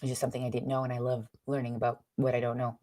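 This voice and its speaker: A woman's voice: extremely low pitch, level tone, very fast, warm tone, no echo, clean studio sound. A young woman, host of her own show, giving a candid and emotional personal testimony, rambling along with many fillers.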